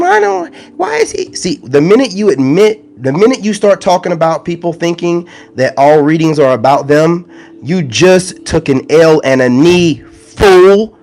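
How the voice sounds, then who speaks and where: Man for a combative vlog rant, voice a bit high, slangy and repetitive, quiet music under him. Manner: confrontational, slangy, repeats points. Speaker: online spiritual content creator. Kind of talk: ranting direct-to-camera monologue.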